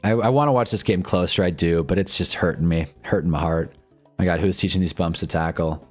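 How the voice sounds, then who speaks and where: Faint music plays behind a young man reacting live to a football game on his fan stream. His deep voice is very animated and fairly quick, and his wry, exasperated remarks wander loosely into casual chatter.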